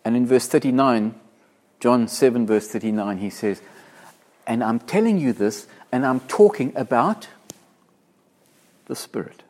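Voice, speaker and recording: An African pastor preaches a sermon in a mid-range voice with lively intonation. He is earnest and emphatic, slowing down and getting louder whenever he quotes scripture.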